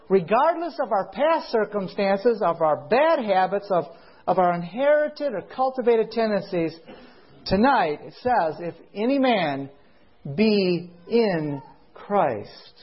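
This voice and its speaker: A male preacher delivers a sermon at an unhurried pace, stretching his key words for emphasis. His voice sits high and sounds slightly husky. He keeps turning to his listeners with rhetorical questions, heard through a muffled, lo-fi recording. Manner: asks the audience rhetorical questions. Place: meeting hall with a congregation. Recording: dull lo-fi recording.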